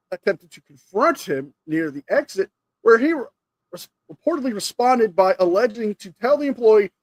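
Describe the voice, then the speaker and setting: Guy reading a wacky news story on a podcast, highish voice, dry close sound. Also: dry recording. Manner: steady reading with small restarts. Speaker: podcast co-host. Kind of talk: reading news stories aloud for comedy.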